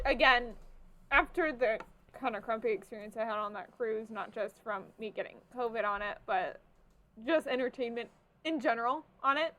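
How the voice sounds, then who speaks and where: A young woman with a somewhat high voice co-hosts a casual podcast. She talks in a chatty, animated way, peppered with fillers. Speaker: podcast co-host. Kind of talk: casual chat.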